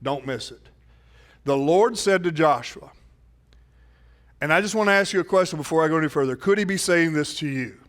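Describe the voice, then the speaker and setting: A man's voice: on the high side, brisk, pauses often, a bit bright. A man preaching a sermon as pastor, telling a story and acting out the quotes with rising emphasis.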